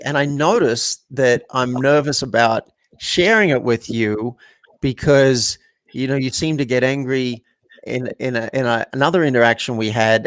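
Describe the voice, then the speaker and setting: A man's voice: medium pitch, no room sound. Storytelling male coach, dry sound. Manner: reflective, storytelling with acted-out quotes. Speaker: guest, coach. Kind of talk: conversational interview.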